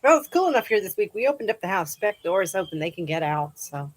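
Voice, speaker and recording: A woman's voice: medium pitch, sing-song, fast talker, poor audio. A woman hosting a live chat outdoors, casually reading viewer comments aloud and laughing often.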